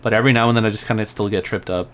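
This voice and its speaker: A man's voice: fairly low pitch, steady tone, racing, a bit bright. A young man with a Mexican accent, chatting casually with a friend while he plays a game, often distracted and trailing off. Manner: distracted, laughing, trailing off mid-sentence. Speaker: streamer. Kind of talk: casual chat while gaming.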